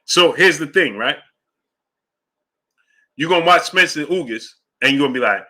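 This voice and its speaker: A man hosting a casual boxing livestream, rambling loosely between fan shout-outs and fight talk. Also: fairly high pitch, expressive, moderate pace, pauses often. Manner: loose, rambling, drifts off track. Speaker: host of a live boxing show. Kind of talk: casual livestream chat reading super chats.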